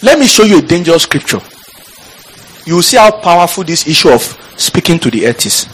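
A man preaching a fiery sermon in church, shouting out scripture and calling on the congregation. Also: a little high, sing-song, brisk, husky, poor audio.

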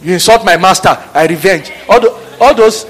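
High-voiced preacher man. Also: moderate pace, soft background music. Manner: animated, laughing, acting out office scenes. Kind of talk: sermon.

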